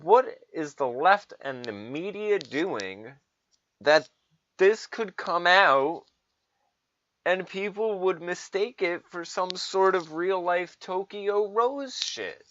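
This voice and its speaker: Man, ranting commentary, sarcastic, profane, lively pitch, muffled lo-fi audio. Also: takes it slowly. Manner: sarcastic, profane, mocking voices. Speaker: political commentator.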